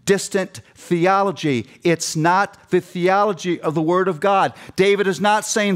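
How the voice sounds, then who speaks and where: A man's voice: high-pitched, measured pace, few pauses, fairly bright tone. A middle-aged man preaching a passionate sermon with emphatic repetition, addressing seminary students. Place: seminary chapel.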